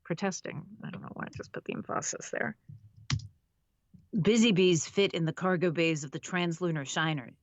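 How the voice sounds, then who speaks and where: A woman's voice: on the low side, normal speed, lo-fi sound, a little hiss or hum. Woman narrating a novel, re-reading lines. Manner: breaks off and re-reads lines, laughing at her slips. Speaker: audiobook narrator. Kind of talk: live-streamed novel narration with retakes.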